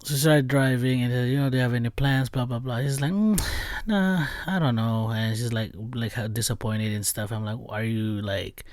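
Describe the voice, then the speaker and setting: A man's voice: medium pitch, level tone, brisk, few pauses, darkish tone, no room sound. Rambling young man with a non-native accent. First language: not English. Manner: rambling, laughing, many fillers and restarts. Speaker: podcast host. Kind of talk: casual storytelling chat.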